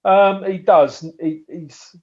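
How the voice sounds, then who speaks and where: A man's voice: high voice, fairly even intonation, slow. Chatty English man, dull lo-fi sound. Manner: chatty storyteller, frequent swearing and restarts. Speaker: podcast guest, bait maker. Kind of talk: casual podcast chat.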